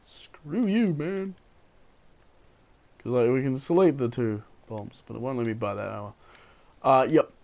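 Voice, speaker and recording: A man's voice: medium pitch, unhurried, vocal fry, pauses often, darkish tone, lo-fi sound. A man giving casual, rambling gameplay commentary, tired and yawning, with enthusiastic, playful asides. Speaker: gaming video host.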